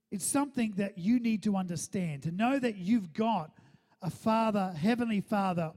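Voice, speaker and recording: High-voiced pastor preaching in a hall. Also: male voice, dark tone. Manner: calls for audience response, repeats words. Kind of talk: sermon. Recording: hall with long reverb.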